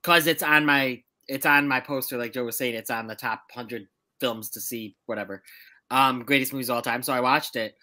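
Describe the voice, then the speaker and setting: A man on a movie podcast speaking in an offhand way, trailing off into quiet ums. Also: mid-range voice, fairly even intonation, normal speed. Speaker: podcast panelist. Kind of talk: casual chat.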